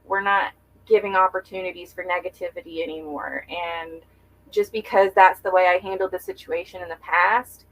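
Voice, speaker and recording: A woman's voice: fairly low pitch, fairly even intonation, moderate pace, a bit bright, low-quality recording. Young woman guest, earnest reflective interview talk, lots of "like" fillers. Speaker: podcast guest. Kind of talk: candid conversational interview.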